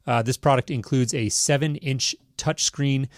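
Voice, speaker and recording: A man hosting a tech podcast, reading a news item and then chatting about it in a measured, casual way. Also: medium pitch, no echo, clean studio sound. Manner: measured, reads news items then riffs. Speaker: podcast host.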